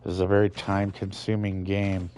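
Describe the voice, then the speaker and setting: A man's voice: low-pitched, monotone, brisk, darkish tone. A man giving casual, profane, rambling commentary while playing a video game, hosting his own channel. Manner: profane, rambling, laid-back. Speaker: gaming channel host.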